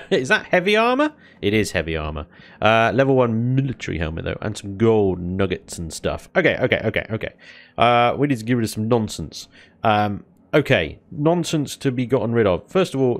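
A man's voice: on the low side, no echo. A man giving casual let's-play commentary, chatting along, exclaiming at finds and taunting enemies. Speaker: gaming YouTuber.

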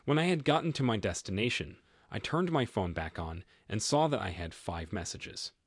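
Male storyteller, low husky voice, lively pitch, dry close sound, matter-of-fact. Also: normal speed, dry recording. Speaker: narrator. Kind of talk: first-person story narration.

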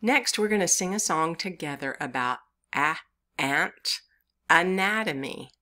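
A woman's voice: sits low, lively intonation, unhurried, bright, forceful tone. A woman with a Southern US accent leading a children's story time as a librarian, talking in a playful, sing-song way and coaxing young listeners to join in.

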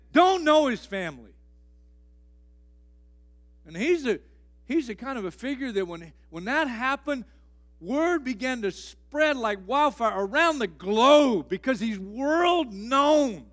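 A middle-aged man preaches a sermon in a church with a notably high voice for a man. He hammers home phrases by repeating them. His delivery rises to near-shouts and then drops to a hush. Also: very animated, measured pace. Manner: emphatic, repeating key phrases, swings between loud and hushed. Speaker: pastor. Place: church sanctuary.

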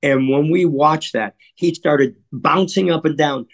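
Speaking with a slightly high voice, this Chicago man is a guest in an interview, reflectively recounting stories. He's measured and earnest, and he clears his throat often.

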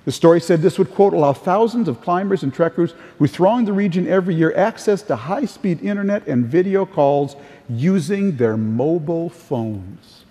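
An older man delivers a conference keynote from a large hall, his voice carrying a long reverb tail. The tone is mellow and slightly higher than usual for a man. He moves from point to point through anecdotes. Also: animated, normal speed. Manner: storytelling with anecdotes, occasional restarts. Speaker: keynote speaker. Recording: distant, echoey hall sound.

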